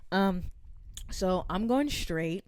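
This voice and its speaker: A woman's voice: on the low side, expressive, extremely slow, darkish tone, dry recording. Young woman telling a story animatedly. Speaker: podcast co-host. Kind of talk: casual podcast storytelling.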